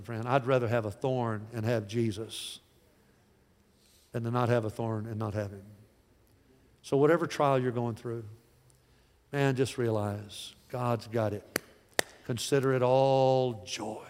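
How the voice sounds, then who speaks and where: A man of forty or older preaching a sermon in a folksy way, dropping to soft, slow lines and rising to loud calls. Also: mid-range voice, long reverb tail. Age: 40s or older. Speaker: pastor.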